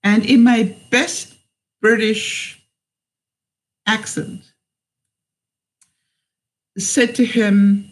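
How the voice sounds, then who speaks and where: Slow, hesitant woman telling a personal story. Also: fairly high pitch, steady tone, low-quality recording. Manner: slow, hesitant, with many fillers and restarts. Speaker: vlogger.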